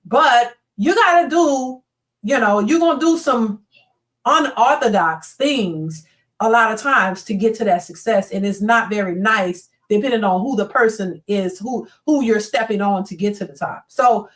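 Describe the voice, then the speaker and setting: On a live stream, a woman with a fairly high voice chats bluntly and with lots of animation. She's seated a bit back from the mic, so she sounds somewhat distant as she reads out viewer comments and slips into quick impressions of other people.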